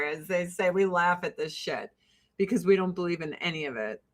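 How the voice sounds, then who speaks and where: A woman's voice: on the low side, expressive, moderate pace, fairly bright tone. A woman from the Joliet area hosting a casual livestream chat with viewers, blunt and jokey, swearing freely. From Joliet, Illinois, USA. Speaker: livestream host and beauty product seller.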